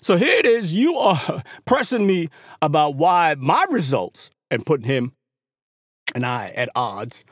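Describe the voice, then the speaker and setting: A man hosting a podcast, talking casually and at length in an animated, slangy way, often repeating words. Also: on the high side, a little slow, no echo, clean studio sound. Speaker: podcast host. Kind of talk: casual opinion monologue. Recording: hip hop music underneath. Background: hip hop music.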